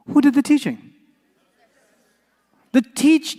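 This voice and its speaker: A man's voice: very high-pitched, sing-song, unhurried, pauses often, a little mellow. A man teaching an Arabic class to a live audience, playful, often repeating sounds and quizzing the room. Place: lecture hall with a live class. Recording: lecture hall reverb.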